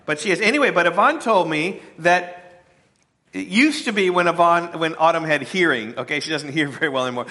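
A man's voice: fairly high pitch, animated, brisk, pushed and bright. A man, the pastor, preaching a conversational sermon with friendly asides to his congregation.

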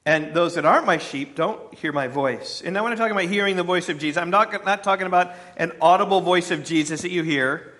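A man's voice: high-pitched, fast, few pauses, fairly bright tone. A man, the pastor, preaching a conversational sermon with friendly asides to his congregation.

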